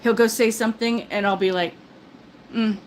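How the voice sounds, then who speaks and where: Older woman host, talkative and rambling, a touch high-pitched, faint background noise. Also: fairly even intonation, quick pace, low-quality recording. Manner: chatty, self-described talker, many restarts. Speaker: live stream host. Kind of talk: casual rambling chat.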